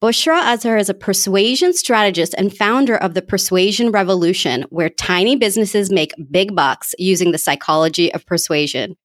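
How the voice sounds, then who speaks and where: A woman's voice: medium pitch, dry recording, clean studio sound. Enthusiastic American woman podcast host. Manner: gushing, enthusiastic. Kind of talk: podcast interview.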